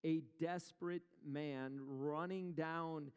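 A man's voice: fairly high pitch, steady tone, slow, clean tone, long reverb tail. A male pastor preaching a sermon in a conversational way, asking the congregation questions as he retells a story.

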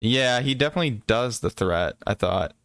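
A man's voice: medium pitch, expressive, moderate pace, fairly bright tone. A man co-hosting a casual book podcast, teasing his partner with dry jokes. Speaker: podcast co-host.

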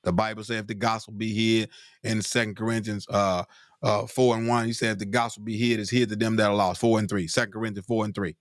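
A man's voice: little pitch movement, fast talker, no echo, clean studio sound. A man preaching a sermon with fervor, calling out "glory" and asking "hmm?" between scripture readings. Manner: fervent, repeats "glory be to God" and "hmm?", pitch climbs when stirred.

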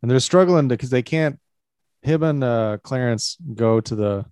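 A man co-hosting a podcast, recapping a movie scene in a relaxed, halting way. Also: medium pitch, smooth, no room sound. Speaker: podcast co-host. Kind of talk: casual movie-breakdown chat.

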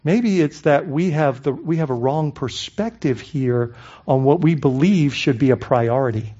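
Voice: mid-range voice, a little slow, dark tone, lo-fi sound. A pastor preaching a sermon in a conversational way, asking the congregation rhetorical questions and often adding "I mean" and "right?".

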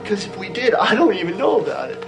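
A man's voice: high-pitched, very animated, fast talker, gravelly, roomy sound, heavily acted. An actor playing a caricatured fifties teenage boy who is cocky and heartbroken, talking in a whiny, nasal voice. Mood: pleading, cocky. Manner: boastful, whiny. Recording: film audio with music score.

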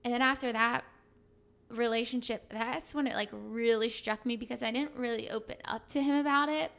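Guesting on a podcast, a young fitness coach has a casual, emotional conversation, talking in a relaxed, chatty way full of fillers. She speaks at a moderate pace, her slightly high voice carrying a gravelly fry.

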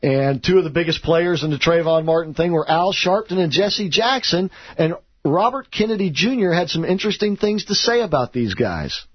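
A man hosting a talk radio show, opinionated and quick to push back on callers. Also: a little high, lively intonation, slightly rough. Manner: opinionated, stammers when interrupted. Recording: muffled radio broadcast.

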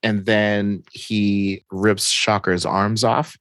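A man's voice: lowish voice, level tone, extremely slow, a bit bright, dry recording. A man in casual chat, animatedly retelling a comic storyline and acting out the characters' lines.

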